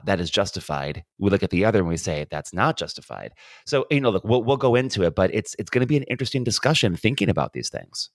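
A man's voice: on the low side, no room sound, clean studio sound. A man co-hosting a podcast in casual chat, stumbling and repeating words as he talks. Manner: halting, repeats words, animated. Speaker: podcast co-host.

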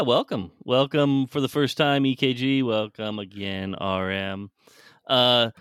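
A man hosting a casual podcast, talking hesitantly with many pauses. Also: mid-range voice, fairly bright tone, smooth, no echo, studio quality. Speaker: podcast host.

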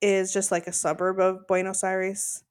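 A podcast co-host chats casually as she recaps episodes, acting out quotes in animated voices. Her voice is medium-pitched at a normal speed, in a dry recording with clean studio sound.

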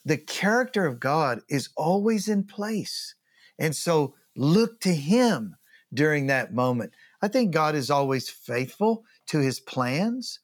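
A male pastor preaching a sermon in a conversational way, often asking his listeners questions. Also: fairly high pitch.

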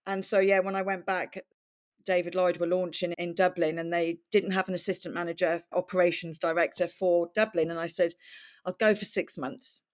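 A woman's voice: on the low side, little pitch movement, a little fast. A middle-aged woman from Wales, a podcast guest telling her life story in a chatty, candid way and laughing often. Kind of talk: conversational storytelling.

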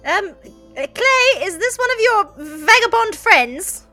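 A woman's voice: very high voice, very animated, measured pace, pushed and bright, faint music behind, voice pushed up, full character voice. A woman voicing a haughty, educated female elf adventurer in a snooty, condescending tone. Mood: panicked.

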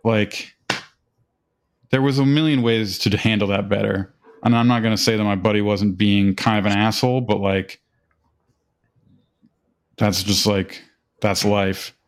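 A man's voice: lowish voice, fairly even intonation, a little slow, pauses often, smooth. Profane, rambling man telling a story. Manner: profane, rambling anecdote with quoted voices. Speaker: podcast host. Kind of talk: casual storytelling chat.

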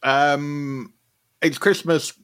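A man's voice: on the high side, steady tone, drawn-out words, a bit bright, clear, resonant tone. A man playing a tabletop game, enthusiastic and jokey. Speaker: player. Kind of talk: casual tabletop play.

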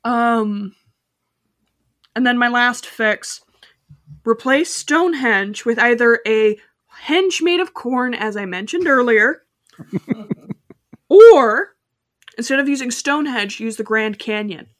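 A woman's voice: fairly high pitch, animated, dry recording, studio quality. A woman on a casual movie podcast, joking playfully and laughing easily. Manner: playful, jokey, quick to laugh. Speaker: podcast co-host. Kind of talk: casual movie review chat.

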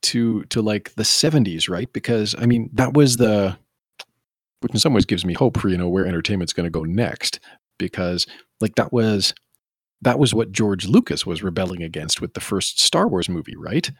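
A man with a very low, slightly husky voice talks casually on a podcast, rambling from point to point and riffing with animated asides. The sound is dry and close, with no room around it. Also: normal speed, dry recording. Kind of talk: casual chat.

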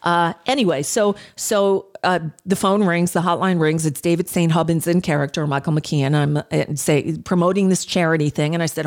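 A middle-aged woman hosting her own talk radio show, spinning anecdotes in a loose, conversational flow. Her voice sits a bit low for a woman, and she keeps dropping little fillers as she goes. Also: steady tone, normal speed, hardly any pauses. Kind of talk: casual storytelling monologue.

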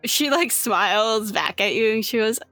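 A woman's voice: fairly high pitch, lively intonation, normal speed, pushed and bright, dry recording, soft background music. A woman narrating a tabletop game as game master, casual, with many fillers.

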